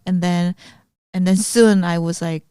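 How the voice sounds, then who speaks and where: A woman's voice: fairly low pitch, fairly even intonation, measured pace, warm tone, clear, resonant tone, dry recording, studio quality. A woman co-hosting a podcast, recounting events in a matter-of-fact, casual way. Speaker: podcast co-host. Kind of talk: casual chat.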